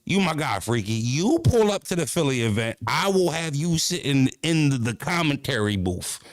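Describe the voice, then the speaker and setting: A man's voice: on the high side, big pitch swings, moderate pace, no echo. Man, streamer, brash, profane, rambling, dry close sound. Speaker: streamer and battle-rap commentator. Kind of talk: casual stream talk.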